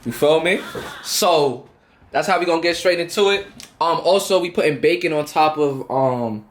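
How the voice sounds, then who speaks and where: A young man cooking in his home kitchen and talking to viewers, quick and slangy, often asking "you feel me". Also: on the high side. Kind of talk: casual cooking vlog.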